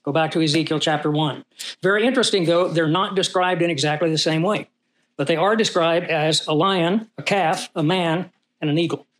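Higher-voiced man teaching a Bible class. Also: fairly quick, fairly bright tone. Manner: asks the class questions and reads scripture aloud with rising emphasis. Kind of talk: conversational Bible study teaching.

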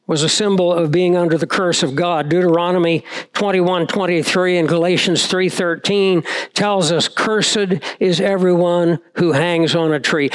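A man preaching a sermon, slowing down to stress his points. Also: high voice, smooth.

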